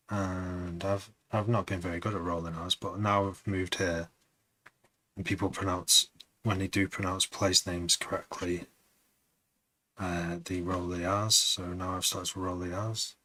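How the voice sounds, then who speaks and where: A man's voice: low-pitched, flat delivery, measured pace, bright, forceful tone. A man producing music on a live stream, chatting to viewers in a rambling, casual way.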